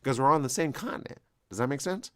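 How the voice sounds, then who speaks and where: A man's voice: mid-range voice, lively intonation, quick pace, bright, forceful tone. A man hosting a live talk show, giving rambling, conversational commentary with an American West Coast accent. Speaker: host.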